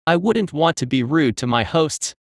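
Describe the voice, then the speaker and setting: A man voicing a huge golden feathered beast that speaks calmly and mockingly. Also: a little high, moderate pace, no echo, clean studio sound, natural voice. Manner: calm, mocking.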